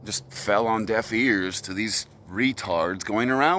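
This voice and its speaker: Deep-voiced man ranting outdoors. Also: takes it slowly, bright, forceful tone. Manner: ranting, profane, agitated monologue. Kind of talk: solo rant to camera. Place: outdoors on a hilltop.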